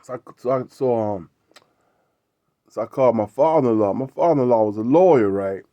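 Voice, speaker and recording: A man's voice: mid-range voice, lively intonation, fairly quick, warm tone, dry recording. A middle-aged man hosting a show, telling a casual story in a rambling way, repeating words and tagging lines with "right?". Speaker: show host.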